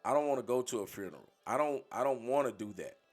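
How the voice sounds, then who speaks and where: A man's voice: medium pitch, expressive, quick pace, a little mellow, soft background music. A man on a livestream, speaking bluntly and profanely, lecturing his community in a preachy rant.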